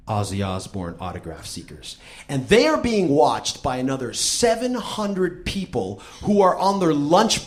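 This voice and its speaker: Animated swearing male storyteller. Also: medium pitch. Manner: profane and animated, acting out the people in his story. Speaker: host. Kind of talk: comic spoken-word storytelling.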